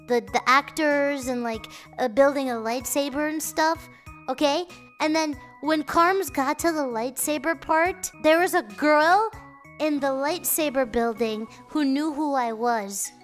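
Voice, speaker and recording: A young woman streamer chatting casually to her viewers, telling stories in a playful, chatty way. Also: high-pitched. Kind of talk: casual chat.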